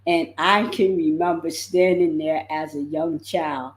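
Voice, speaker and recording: A woman life coach giving a motivational livestream talk, expressive and repeating words for emphasis. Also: deep voice, a little slow, echoey room.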